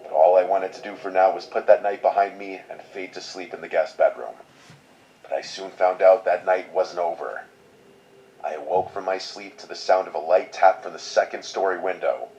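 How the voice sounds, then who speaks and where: A man with a very low voice tells a scripted horror story in a measured, somber way. The sound is dull and lo-fi, with a faint hiss underneath. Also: steady tone, darkish tone.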